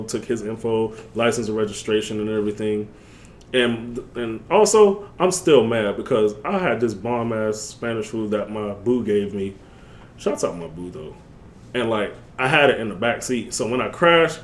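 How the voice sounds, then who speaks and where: A young man casually telling a story on his vlog in loose slang, jumping up in pitch when he quotes himself. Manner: animated, jumps up in pitch when quoting himself; loose slangy talk with many fillers. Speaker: vlogger.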